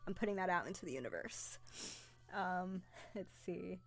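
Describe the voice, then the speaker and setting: A young adult woman hosting a casual live stream, chatty and excitable, greeting viewers by name as she talks. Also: on the low side, normal speed.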